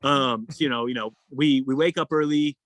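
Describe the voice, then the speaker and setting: A man's voice: moderate pace, fairly bright tone, no room sound, poor audio. A man telling a long story in a casual interview, rambling with many fillers and acting out what people said. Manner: rambling, many fillers, acts out quotes in a higher voice. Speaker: endurance athlete guest.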